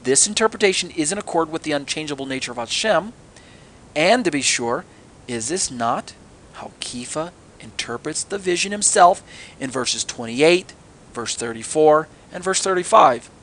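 Middle-aged male Bible teacher, slightly high voice, earnest sermon delivery with rhetorical questions. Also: expressive, moderate pace, a bit bright, a little hiss or hum.

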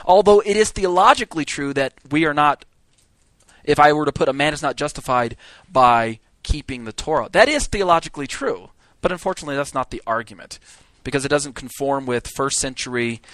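A man teaching a Bible class, lecturing in an animated way, acting out quotes and often restarting his sentences. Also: a little high, dry recording.

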